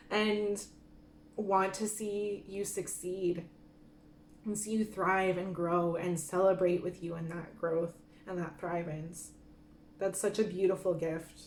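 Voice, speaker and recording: A woman giving a gentle pick-a-card tarot reading who gets openly emotional and laughs softly. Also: on the low side, slight background noise. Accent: Michif-speaking Métis greeting and French sign-off. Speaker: tarot reader. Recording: echoey room with faint ambience.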